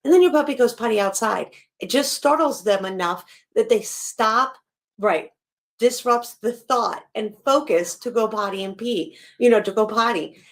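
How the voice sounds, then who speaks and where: Woman host reacting on a live stream, kinda high voice, blunt and animated, swears a lot. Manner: blunt and animated, swears freely, laughs between remarks. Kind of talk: casual reaction commentary.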